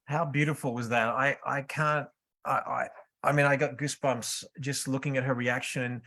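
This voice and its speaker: A man's voice: medium pitch, flat delivery, moderate pace, sharp tone. Earnest man commenting on photos. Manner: earnest, enthusiastic, with restarts. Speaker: photographer commentating his own footage. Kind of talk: reflective voice-over commentary.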